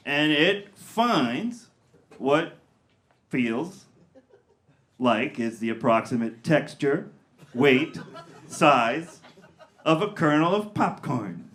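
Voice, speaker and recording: A man's voice: fairly high pitch, a bit bright. A man performing a stand-up comedy set, telling a story with crowd work and acted-out voices in a comedy theater. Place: comedy theater with live audience.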